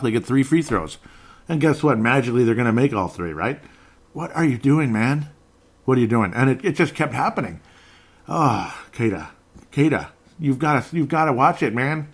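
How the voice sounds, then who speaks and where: A man's voice: medium pitch, slightly rough. A man hosting a solo sports podcast, ranting in exasperation about a basketball game, sarcastic and laughing at himself now and then.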